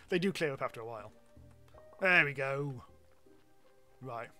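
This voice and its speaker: A man's voice: mid-range voice, expressive, slow, sharp tone, soft background music. A British man streaming a game live, chatting casually and rambling with self-mocking asides and frequent ums. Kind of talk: live gameplay commentary.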